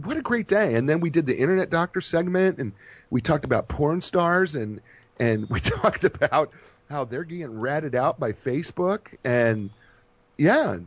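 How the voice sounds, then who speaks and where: A man chats on the radio as co-host, rambling and effusive, tripping over his own words. His pitch swings widely. The sound is dry and a little dull, like a lo-fi broadcast. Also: dry recording. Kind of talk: casual radio chat.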